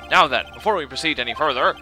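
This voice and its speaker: A man's voice: on the high side, animated, fast, sharp tone, soft background music. A man voicing a formal older male judge announcing court proceedings.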